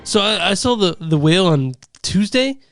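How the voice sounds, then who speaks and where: A man's voice: high voice, animated, moderate pace, fairly bright tone, no echo, clean studio sound, soft background music. A man co-hosting a casual movie podcast, rambling and stammering, swearing casually. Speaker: podcast co-host.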